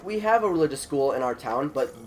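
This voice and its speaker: Teen boy, sick and sniffly, chatty vlog story, a bit high-pitched, faint background hiss. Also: a little fast. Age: teens. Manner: animated, retelling with quoted voices. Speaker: vlogger. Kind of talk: casual storytelling.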